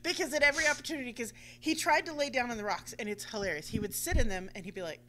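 A woman telling a long casual story on a radio talk show, animated and swearing freely, acting out the voices she quotes. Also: a little high, rapid-fire.

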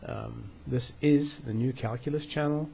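A man's voice: mid-range voice, unhurried, gravelly, dark tone, slightly rough, muffled recording. A man hosting a math video channel, lecturing in a scornful, combative way, out of breath and often asking "okay?". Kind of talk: lecture-style video commentary.

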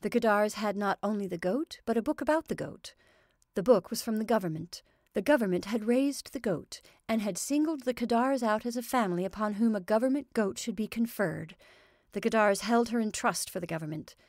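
A woman reading a classic short story aloud in measured, even narration. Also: medium pitch, no echo, studio quality.

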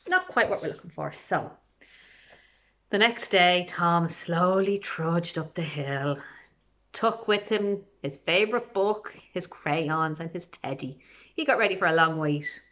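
A woman's voice: lowish voice, fairly bright tone. A woman, a children's librarian, reading a picture book aloud in a playful way. She asks the listeners questions and drops to whispers. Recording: slightly dull lo-fi recording.

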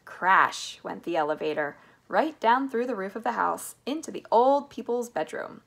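A woman narrating a children's book aloud in an expressive, animated way. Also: medium pitch, normal speed, creaky. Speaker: reader. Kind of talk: storybook narration.

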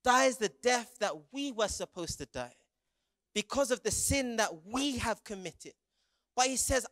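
A man's voice: very high voice, moderate pace, fairly bright tone, dry recording, studio quality. A young adult man preaching a dramatic sermon to young people, retelling scenes vividly with stammered restarts and prompts for the audience to join in.

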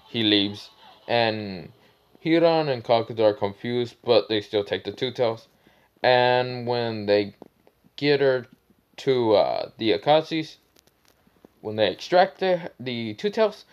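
A man's voice: medium pitch, animated, slow, lo-fi sound. A man casually narrating a fan story, rambling and searching for words as he goes. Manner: rambling, fillers like "what's it called".

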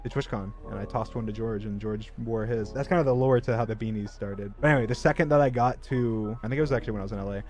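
A man's voice: fairly low pitch, quick pace, few pauses, a little mellow, soft background music. A young man telling a long story on his livestream in a rambling, filler-heavy way that pokes fun at himself. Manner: rambling, filler-heavy, self-mocking, breaks into laughter. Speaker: streamer.

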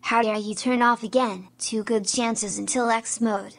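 A woman's voice: on the high side, steady tone, measured pace. A synthetic woman's voice playing a foul-mouthed computer error program that scolds and threatens.

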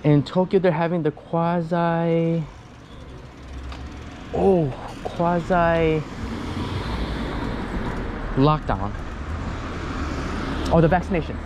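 Here the cycling vlogger from the United States has a fairly high pitch and speaks very slowly, pausing often. He chats casually and rambles, restarting and using many fillers while a bit out of breath. Background noise is audible.

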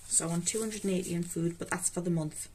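A Geordie woman who vlogs about budgeting counts out her cash, chatting casually and talking to herself at a quick pace. Her voice is mellow, on the low side, and steady in tone. The recording is clear, with the rustle of notes in the background.

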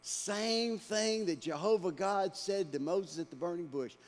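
A male pastor preaching a dramatic sermon in a church, swinging between hushed lines and shouted ones. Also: sits high, unhurried, faint music behind. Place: church sanctuary. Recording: long church-hall reverb.

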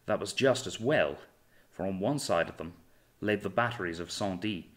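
Low-voiced male audiobook narrator. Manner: measured, dramatic storytelling. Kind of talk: scripted narration.

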